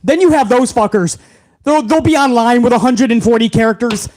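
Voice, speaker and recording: A man's voice: very high voice, brisk, darkish tone. A man hosting a wrestling show, ranting to his chat in a heated, mocking way and swearing constantly. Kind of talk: profane rant to a live chat.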